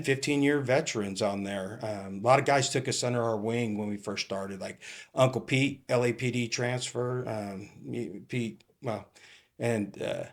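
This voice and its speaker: In a relaxed interview, a middle-aged Californian man who retired as a police captain spins his stories haltingly, with plenty of fillers and restarts. He has a mid-range voice.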